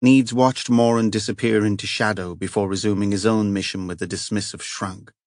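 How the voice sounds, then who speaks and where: A man reads a crime novel aloud in a steady, measured way. His voice is on the low side and sounds dry and close to the mic, with no room around it. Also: no echo. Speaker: audiobook narrator. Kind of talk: scripted narration.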